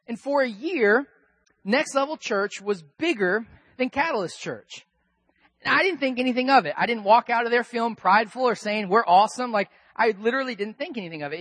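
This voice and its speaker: A man preaching a sermon as pastor, conversational and animated, moving between soft asides and loud emphatic bursts. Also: sits high, no room sound.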